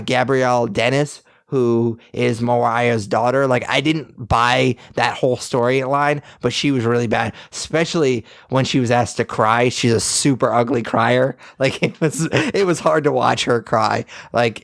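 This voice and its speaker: A man's voice: medium pitch, fairly even intonation, measured pace, vocal fry, hardly any pauses, no room sound, studio quality. A young man co-hosting a podcast, giving blunt, rambling opinions in casual review chat. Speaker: podcast co-host.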